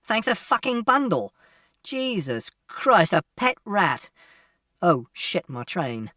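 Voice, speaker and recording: A furious middle-aged commuter barks curses in an audiobook, as a male reader puts him on. His voice jumps sharply up and down in pitch. It is recorded dry and a little away from the mic. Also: very animated, slow pace, dry recording, recorded from a distance, heavily acted. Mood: exasperated cursing. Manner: shouting, cursing, exasperated. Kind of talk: audiobook character voice.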